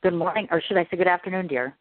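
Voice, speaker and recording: A woman from the Midwest hosting a podcast talks fast and gushes. Her voice comes through dry and thin, like over a phone line. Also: fairly low pitch, dry recording. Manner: gushing, excitable, self-described nervous. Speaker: podcast host. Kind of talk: casual interview chat. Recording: dry, tinny phone-like sound.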